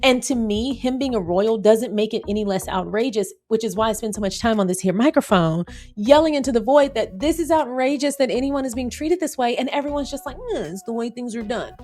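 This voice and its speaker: A woman hosting a casual commentary monologue, animated and sarcastic as she acts out scenarios. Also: on the high side, a little fast, faint music behind. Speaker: commentary channel host.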